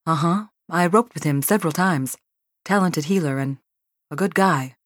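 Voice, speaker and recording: Hesitant soft-spoken Brazilian cowboy, voiced by a female narrator, low register. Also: moderate pace, no echo, studio quality, lightly acted.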